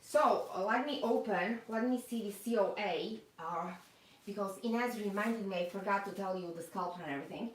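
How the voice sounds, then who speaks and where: A woman's voice: mid-range voice, moderate pace, slight background noise. Chatty woman reading live comments, echoey room. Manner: chatty, reads viewer comments aloud, many fillers. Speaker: doll collector hosting a live stream. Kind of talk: casual live-stream unboxing chat.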